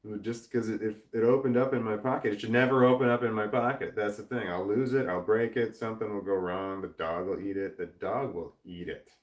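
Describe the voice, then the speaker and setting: A man's voice: lowish voice, steady tone, brisk, hardly any pauses. A man hosting a casual livestream, reading chat aloud, rambling, swearing often and laughing a lot. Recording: roomy echo.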